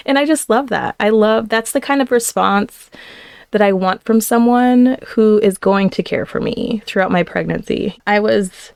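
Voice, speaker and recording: Chatty woman podcaster, gravelly and smooth. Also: mid-range voice, no echo, studio quality. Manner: chatty, animated retelling with quoted voices and laughs. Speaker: podcast host. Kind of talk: personal storytelling monologue.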